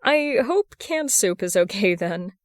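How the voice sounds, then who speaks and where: A woman voicing a gentle, reassuring young woman. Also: mid-range voice, animated, unhurried, no echo, studio quality, lightly acted. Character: kind young woman, caring host.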